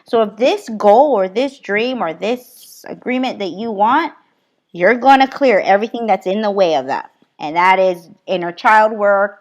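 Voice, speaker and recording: A middle-aged woman from Hawaii, a spiritual healer, talking casually as a podcast guest, earnest and quick to laugh, with loose run-on phrasing. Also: medium pitch, dull audio. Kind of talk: casual conversational storytelling.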